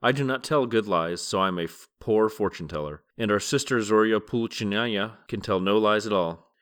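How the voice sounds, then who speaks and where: A man's voice: fairly low pitch, moderate pace, a bit bright, lightly acted. A man voicing an elderly woman, a blunt fortune teller, in a plain, matter-of-fact way.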